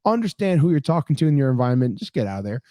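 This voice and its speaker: A man's voice: medium pitch, very fast, no room sound, studio quality. A man in his thirties, a podcast co-host telling a long story in casual chat, acting out what people said and swearing freely. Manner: animated storyteller, acts out quotes, swears casually.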